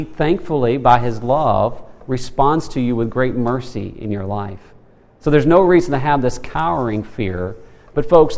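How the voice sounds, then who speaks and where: Male Sunday school teacher, animated pitch swings, church hall reverb. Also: gravelly. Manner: animated, asks the class questions, acts out quotes. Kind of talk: Bible lesson to a church class. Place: church room.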